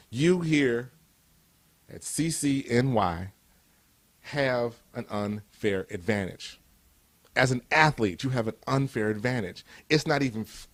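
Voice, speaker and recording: A man in his fifties from Cleveland, giving a motivational speech with emphatic, repeated rhetorical build-ups. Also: medium pitch. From Cleveland, USA. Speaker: motivational speaker.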